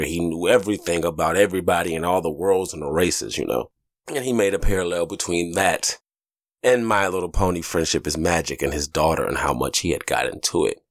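A young adult man with a low voice hosts his own podcast, rambling through stories with loose, profane humor. His pitch leaps around animatedly, often breaking into high joke voices. The sound is dry with no room echo. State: getting over a stomach flu. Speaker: podcast host. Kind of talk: casual solo podcast monologue.

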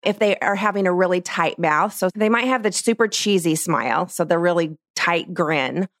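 A middle-aged woman, a portrait photographer, explaining her craft in a casual, animated way and acting out what she says to clients. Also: fairly low pitch, moderate pace, no echo, clean studio sound. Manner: lively, acts out what she tells clients. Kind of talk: casual teaching talk.

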